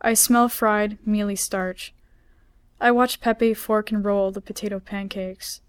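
A woman author reading her own story aloud in a measured, unhurried way. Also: medium pitch, steady tone, clean tone, dry recording. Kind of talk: literary reading.

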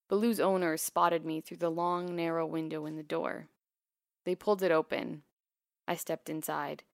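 A woman narrating a first-person memoir in a quiet, measured, intimate way. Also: fairly low pitch, no room sound, studio quality.

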